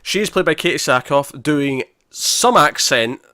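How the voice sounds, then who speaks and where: Recorded dry with clean studio sound, this Scottish podcast co-host has a voice on the high side and speaks a little slowly. The chat is casual, and he animatedly performs lines from scenes.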